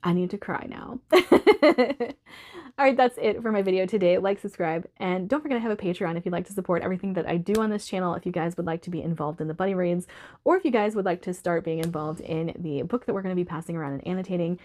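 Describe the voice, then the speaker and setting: A woman's voice: on the low side, fast, darkish tone. A woman book vlogger giving a casual monthly reading wrap-up, chatty and emotional, laughing often.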